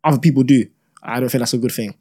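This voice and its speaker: A man's voice: medium pitch, very fast, slightly rough. A young man, arguing animatedly as a podcast co-host and talking over the others. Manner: animated, repeats "broski" and "bro", talks over others. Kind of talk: heated casual debate.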